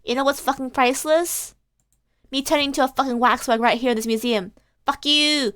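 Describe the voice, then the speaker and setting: A woman streaming a game, commenting casually in a profane, laughing, animated way. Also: high voice, brisk.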